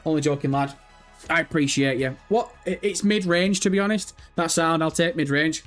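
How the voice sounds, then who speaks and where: A man hosting a gaming livestream, chatting casually with viewers, sweary and jokey, mocking and animated. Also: on the high side, moderate pace, soft background music. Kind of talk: casual livestream chat reading viewer comments.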